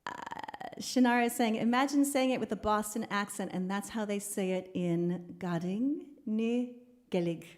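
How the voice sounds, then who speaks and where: A woman's voice: medium pitch, a little mellow. A woman hosting a live online concert, chatting casually and laughing easily as she reads viewer comments. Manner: chatty, laughs easily, talks fast when rambling. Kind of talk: live-stream chat between songs, reading viewer comments.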